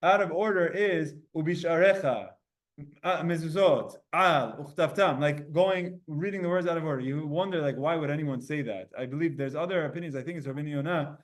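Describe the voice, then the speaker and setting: A man teaching a Talmud class, explaining in quick bursts, quizzing his students and restarting his sentences often. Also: a little high.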